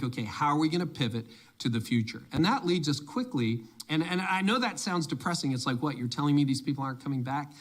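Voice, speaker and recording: A man speaking on church leadership at a conference, emphatic and energetic, often quoting imagined voices in his talk. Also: mid-range voice.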